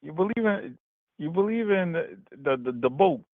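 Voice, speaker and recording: A man's voice: a little high, expressive, normal speed, no room sound. Stammering man in his forties over a tinny line. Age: 40s. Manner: stammering, repeats words, laughs often. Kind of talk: casual heated debate. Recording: tinny phone-like call audio.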